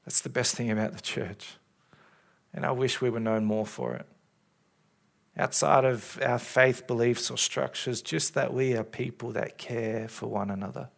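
A man preaching in a church, speaking as a pastor in an earnest, caring way with halting restarts, into a stage microphone. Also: medium pitch, fairly even intonation, vocal fry. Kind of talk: sermon. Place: church service. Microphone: handheld or stage microphone.

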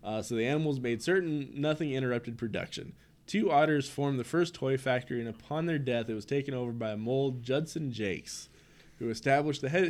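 A man's voice: mid-range voice, a little mellow. A young man co-hosting a casual chat, reading a comic summary aloud and chuckling wryly at the odd names. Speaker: podcast co-host.

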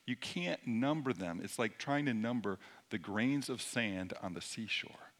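A middle-aged man preaching a sermon in a conversational way, dropping at times to a hushed near-whisper. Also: mid-range voice, animated, unhurried. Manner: conversational, shifts between loud emphasis and hushed near-whisper. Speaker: pastor.

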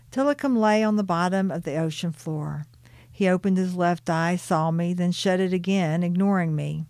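A woman reading aloud from her own spiritual book in a soft, earnest, unhurried way, stopping for personal asides. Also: fairly low pitch, dry recording, clean studio sound.

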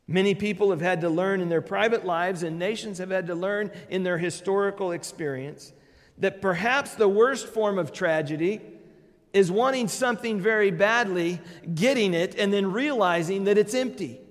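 A high-pitched male preacher delivering a sermon with strong emphasis. His voice rises into loud declarations and drops into quiet, low endings. The sound carries a long reverb from a large hall. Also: moderate pace.

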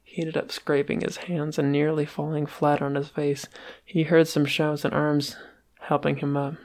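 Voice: mid-range voice, flat delivery, moderate pace, a little mellow. An amateur reader narrating a fan story aloud, stumbling and restarting now and then.

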